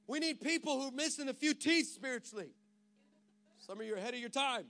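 Animated preacher man, high voice. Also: quick pace, soft background music. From Texas. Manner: animated, self-mocking storyteller with rising preaching cadence. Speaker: pastor. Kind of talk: sermon.

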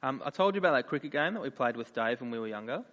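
A man preaching a sermon, earnest in his appeals and animated when he tells personal stories. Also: medium pitch, racing. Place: church. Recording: reverberant church hall.

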